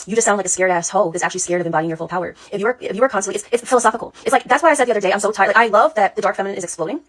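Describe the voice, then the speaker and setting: A woman's voice: medium pitch, racing. A woman speaking as a spiritual coach in a casual monologue, blunt, sassy and full of swearing.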